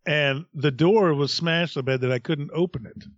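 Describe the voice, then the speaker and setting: A middle-aged man, a podcast co-host, telling a profane, animated story in casual chat. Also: a little high, moderate pace, no room sound, lo-fi sound.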